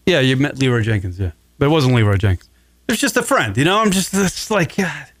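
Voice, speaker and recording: A man's voice: medium pitch, a little fast, no echo. A man hosting a radio talk show, rambling and swearing as he retells a story in casual comedic chat. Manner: profane, rambling, animated retelling.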